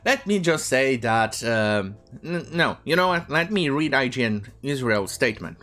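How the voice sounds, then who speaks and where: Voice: medium pitch, expressive, normal speed, fairly bright tone. A commentator delivering an opinionated news rant, full of asides and restarts. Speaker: online commentator.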